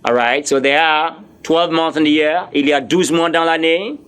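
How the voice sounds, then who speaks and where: A male French teacher, drilling vocabulary slowly and spelling words out letter by letter. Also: on the high side, fairly even intonation, a bit bright, clear, resonant tone. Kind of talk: classroom lesson, drilling vocabulary.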